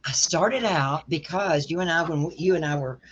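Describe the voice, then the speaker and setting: A host, asking questions in an unhurried, halting way in a remote interview. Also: mid-range voice, fairly bright tone. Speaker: show host. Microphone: video call. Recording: dull lo-fi call audio with faint noise.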